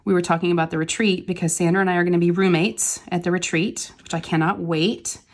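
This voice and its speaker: A woman's voice: fairly low pitch, fairly even intonation, quick pace. Chatty woman crafting and talking. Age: adult with kids. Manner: chatty, rambling, laughs easily. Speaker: crafting channel host. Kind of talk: casual chat while diamond painting.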